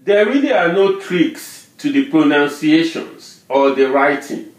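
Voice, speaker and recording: A man teaching a language lesson, drilling syllables and tones slowly and patiently. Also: a little high, animated, echoey room. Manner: drills syllables and tone names, repeating words slowly. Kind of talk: slow, patient pronunciation lesson.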